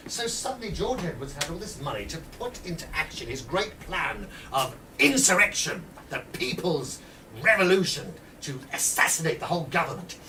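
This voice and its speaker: Male storyteller, high and lively, talks straight to his audience; distant mic, faint room hum. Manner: lively, acts out voices, talks to listeners directly. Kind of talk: animated historical storytelling.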